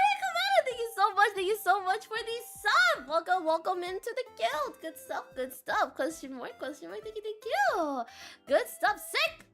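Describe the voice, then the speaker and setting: A young woman VTuber chatting casually with her live chat, giggly and playful with frequent loud laughter. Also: very high-pitched. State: sore throat. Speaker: VTuber streamer.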